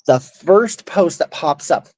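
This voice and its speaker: A woman's voice: on the low side, expressive, slow, a little mellow, low-quality recording. A middle-aged woman hosting a casual livestream, telling a neighborhood feud story in an indignant, rambling way and reading chat aloud. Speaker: livestream host.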